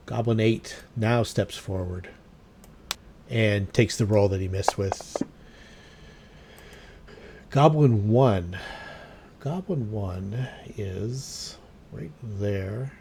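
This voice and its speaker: Slow, unhurried male game master. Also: fairly low pitch, a little mellow, slight background noise. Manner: unhurried, thinking aloud with fillers. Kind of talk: narrating a tabletop game.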